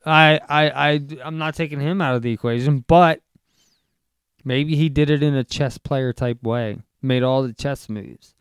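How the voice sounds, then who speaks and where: A woman's voice: rumbling low, a little slow, clear, resonant tone, no echo, studio quality. A woman co-hosting a podcast, cracking jokes and teasing her co-host in casual true-crime chat. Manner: wisecracking, teasing banter.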